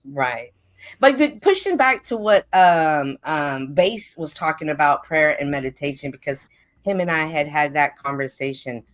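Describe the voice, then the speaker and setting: Woman guest, earnest and animated storyteller, live stream chat. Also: sits low, unhurried. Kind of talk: casual conversation about faith.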